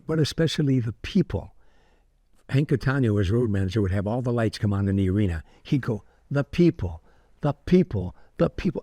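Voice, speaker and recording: An older man, a comedian guest, telling anecdotes in an interview with lively restarts. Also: medium pitch, no room sound, clean studio sound. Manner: anecdotal, animated with repeated restarts. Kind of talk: storytelling interview.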